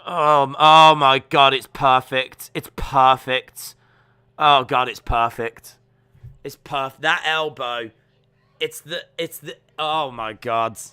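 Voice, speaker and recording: A man hosting a live watch-along stream, reacting to fights with excited shouts and exclamations. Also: medium pitch, takes it slowly, clean tone.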